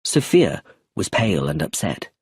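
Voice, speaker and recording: A man reading a novel aloud as narration for English learners, clear and measured. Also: low voice, sing-song, dry recording, studio quality. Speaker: audiobook narrator.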